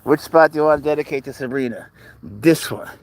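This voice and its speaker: Man chatting softly on a night live stream. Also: fairly high pitch, fairly quick. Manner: rambling, joking, talks softly to his cat and reads chat. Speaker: livestream host. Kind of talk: casual live-stream chat.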